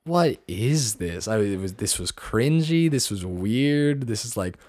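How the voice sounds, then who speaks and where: Low-voiced young man, rambling. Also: animated, a little slow, a little mellow, no echo. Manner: rambling, lots of fillers. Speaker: podcast host. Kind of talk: casual chat.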